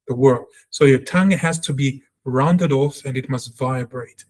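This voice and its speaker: A man giving a spoken language lesson, talking earnestly and reflectively, and repeating sounds slowly to show how they are said. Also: medium pitch, steady tone, a little mellow. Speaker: Hebrew teacher.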